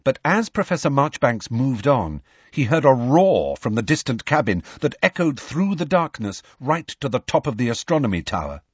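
Male narrator, husky, lively delivery, dry and slightly dull recording. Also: mid-range voice, no room sound. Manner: lively, expressive storytelling. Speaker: audiobook narrator. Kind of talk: scripted narration.

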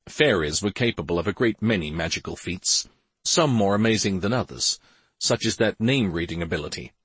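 A man narrating a fantasy novel as an audiobook in an expressive, measured storytelling manner. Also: on the low side, slightly rough, no echo.

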